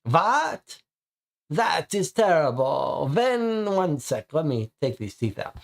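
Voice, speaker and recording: A man's voice: mid-range voice, lively intonation, mellow, lightly acted. A man reading aloud as a theatrical man who role-plays a vampire, stretching his words in an affected way. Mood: alarmed. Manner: slow, drawn-out, affected vampire speech.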